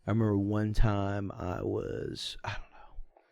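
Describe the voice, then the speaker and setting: A man's voice: fairly low pitch, little pitch movement, a little slow, creaky, dark tone, dry recording, clean studio sound. A young man co-hosting a podcast, telling a childhood story in a rambling, casual way and laughing as he goes. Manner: rambling, laughs through his stories. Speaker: podcast co-host.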